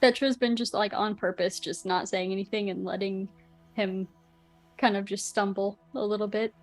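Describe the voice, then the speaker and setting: A woman's voice: mid-range voice, steady tone, moderate pace, soft background music, low-quality recording. A woman player casually recounting her character's actions in a chatty way. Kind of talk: casual chat.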